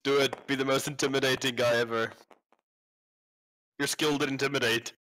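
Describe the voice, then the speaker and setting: A man playing a tabletop game, eager and excitable, swearing freely. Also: mid-range voice, brisk, rough recording. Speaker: player. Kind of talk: casual tabletop game chat.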